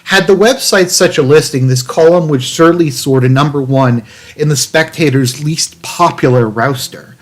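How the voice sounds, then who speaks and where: A man's voice: fairly high pitch, moderate pace, lightly acted. A man putting on the voice of a catty, snobbish woman columnist, sassy and mocking.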